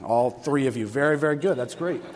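A man preaching a sermon to a congregation, telling stories with animated, fervent delivery. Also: medium pitch. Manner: animated storytelling, rising to loud fervent passages. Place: church sanctuary. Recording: long hall reverb.

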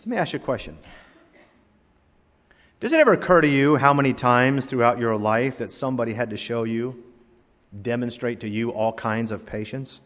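A man in his sixties preaching a sermon as pastor, animated and acting out the voices in his anecdotes. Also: medium pitch, moderate pace, long pauses. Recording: long reverb of a large hall.

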